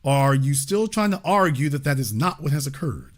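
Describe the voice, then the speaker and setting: A man's voice: medium pitch, sing-song, a little fast. A man hosting a call-in show, arguing hard with a caller and cutting him off again and again. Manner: confrontational, cuts in repeatedly. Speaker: host. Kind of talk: heated call-in debate.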